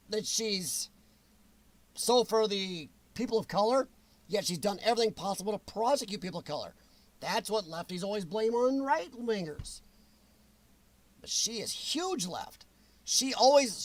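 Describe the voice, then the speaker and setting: A man hosting an opinionated livestream, talking bluntly and reacting to viewer comments in a ranting manner. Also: sits high. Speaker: show host reading chat.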